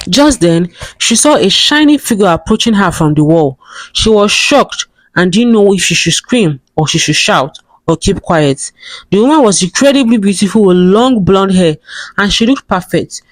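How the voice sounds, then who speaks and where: An even, measured narrator voice reads a folktale aloud. The pitch sits in the middle, and the sound is close and dry with no room around it. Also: no room sound. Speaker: storyteller.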